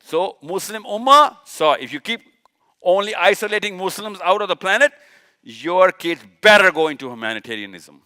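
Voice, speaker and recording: A man's voice: high-pitched, lively intonation, moderate pace, bright, forceful tone, clean tone. A man from Pakistan, giving an impassioned religious lecture to a live audience, firing off rhetorical questions and repeating his points for emphasis. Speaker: speaker at a live session.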